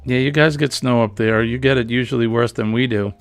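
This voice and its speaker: A man with a Boston accent hosting a live stream, chatting casually in a relaxed, drawn-out way. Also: medium pitch, soft background music. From New England. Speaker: livestream host. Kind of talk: casual chat.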